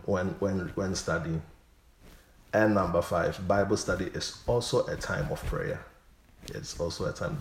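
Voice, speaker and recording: A man's voice: on the low side, lively intonation, moderate pace, echoey room. A male pastor giving a Bible study teaching, repeating words and building to emphatic bursts.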